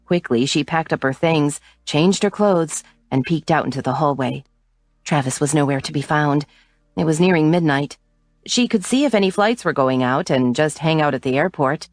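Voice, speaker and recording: A woman narrating a romance audiobook in an expressive reading. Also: low voice, normal speed, no room sound, faint music behind.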